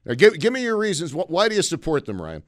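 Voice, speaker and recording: A man's voice: a little high, huge pitch swings, fast. A middle-aged man hosting call-in talk radio in a studio, sarcastic and joking, rambling with restarts. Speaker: radio talk show host. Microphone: studio microphone.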